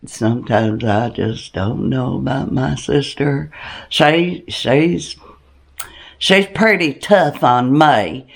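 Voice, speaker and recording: A woman putting on a naive, flirty country woman, telling a comedic story in a slow drawl. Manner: slow drawl with wildly swooping pitch. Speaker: channel host in a character. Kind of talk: comedic character monologue.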